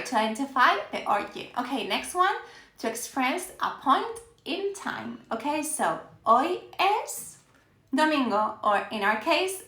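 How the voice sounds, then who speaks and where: Spanish-accented woman, upbeat live teacher, bright tone, echoey room. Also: high-pitched. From Spain. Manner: upbeat, checks in with "okay?" after nearly every phrase. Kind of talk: live-streamed language lesson.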